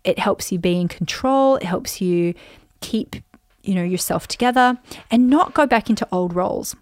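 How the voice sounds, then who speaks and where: A woman in her forties talks casually on her solo podcast, chatty and full of quick asides. She acts out quoted remarks with sudden leaps in pitch. Her voice sits at a middling height and sounds close and dry, with no room around it. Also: animated, no echo. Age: 40s. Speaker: podcast host.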